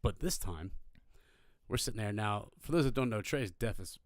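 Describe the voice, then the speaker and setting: A man co-hosting a live podcast, casually telling a story in an animated way, with some cursing. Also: on the low side, moderate pace, no room sound, clean studio sound. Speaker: podcast co-host.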